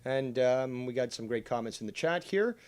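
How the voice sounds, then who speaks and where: Lively, sarcastic male livestream host. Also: medium pitch, normal speed, a little hiss or hum. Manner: sarcastic, mocking. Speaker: show host. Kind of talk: livestream commentary.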